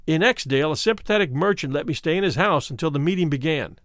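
A man giving a dramatic, expressive reading of a first-person memoir. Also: on the high side, fast, no room sound, studio quality. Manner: expressive, shifts to stirring emphasis. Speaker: reader.

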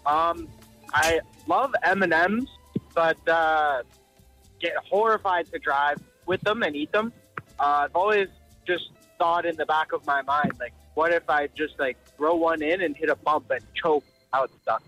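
Male caller, bright and slightly high, hesitant message, music faint. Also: measured pace, poor audio. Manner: rambling, hesitant. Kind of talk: recorded voice message.

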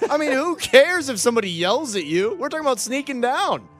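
Lively, playful male co-host. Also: very high voice, brisk, faint music behind. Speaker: sports talk co-host. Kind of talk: casual sports chat.

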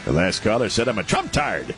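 A man's voice: fairly low pitch, huge pitch swings, fairly quick, music in the background. A man hosting a talk radio show, blunt and brash, laughing often between opinions. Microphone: studio mic.

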